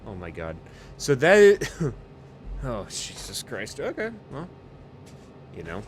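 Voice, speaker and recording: A man hams it up as a jittery airline pilot, his voice swinging wildly up and down as he talks to imaginary passengers. He curses freely and drops from low mumbles into sudden yells, a comedic role-play through and through. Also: wildly swooping pitch, slow pace, noisy background. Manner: panicky, profane, lurching between muttering and shouting. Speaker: flight sim streamer.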